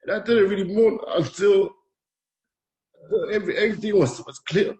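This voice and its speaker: Hesitant soft-spoken Polynesian man. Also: sits high, moderate pace. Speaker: guest. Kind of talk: candid personal conversation.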